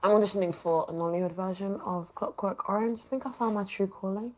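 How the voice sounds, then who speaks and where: A woman's voice: medium pitch, quick pace, darkish tone, slight background noise, natural voice. An actress playing a chatty young woman who teases her friend. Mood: amused. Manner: teasing, giggly.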